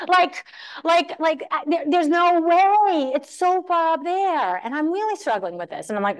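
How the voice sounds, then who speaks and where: A married woman teaching a Torah class to women, telling a story in a lively way and acting out the quotes. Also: very high voice, moderate pace. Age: adult. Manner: animated storytelling, acts out quotes.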